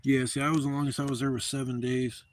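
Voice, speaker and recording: A man's voice: mid-range voice, level tone, fast talker. A man sits outdoors at a campsite and spins a long, loose story for his livestream, swearing freely as he goes. His voice sits in an ordinary middle range. Faint outdoor noise and birdsong drift in behind him. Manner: rambling, profane, loose storytelling. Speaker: livestream host.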